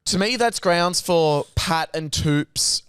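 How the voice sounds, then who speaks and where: A man's voice: a little high, slow, a bit bright, clean tone, dry recording, clean studio sound. A young Australian man co-hosting a podcast, telling stories crudely and animatedly with lots of swearing. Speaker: podcast co-host. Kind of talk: casual chat.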